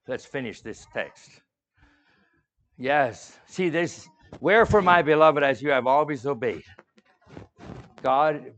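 A middle-aged male pastor with a medium-pitched voice preaches a sermon built around a story. He swings between hushed, soft lines and loud outbursts.

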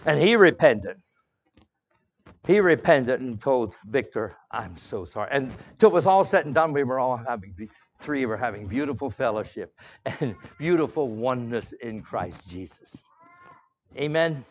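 A middle-aged male pastor preaching a sermon, telling a story with swings from hushed, soft lines to loud outbursts. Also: mid-range voice, lively intonation, moderate pace, highs cut off.

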